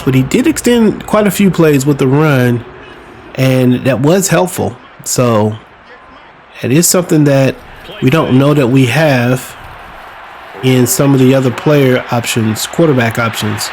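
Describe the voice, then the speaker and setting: A man giving casual, chatty play-by-play of his own football video game, relaxed and self-mocking, now and then bursting out excitedly. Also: mid-range voice. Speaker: podcast host playing a football video game. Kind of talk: casual play-by-play commentary while gaming. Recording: game crowd noise behind the voice. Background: stadium crowd sound from the game.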